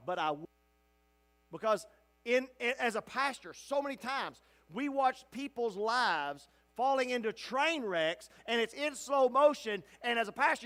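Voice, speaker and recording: High-pitched, impassioned male pastor. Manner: impassioned, bursts into shouting at peaks. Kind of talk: interactive bible study sermon. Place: church sanctuary.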